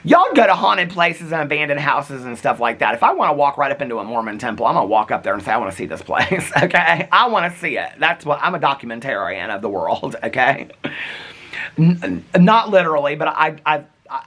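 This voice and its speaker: Man, chatty vlogger, very lively pitch, bright voice, rambling asides. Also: a little fast, breathy edge. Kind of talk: casual storytelling vlog.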